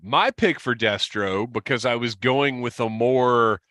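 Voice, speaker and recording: A man co-hosting a podcast in casual chat, animated and quick to exclaim. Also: mid-range voice, dry recording. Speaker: podcast co-host.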